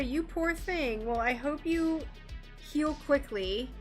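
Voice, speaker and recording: A woman's voice: high voice, fairly bright tone. A woman streaming her glass painting, chatting casually and greeting viewers by name in a bubbly, talkative way. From United States. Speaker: craft streamer.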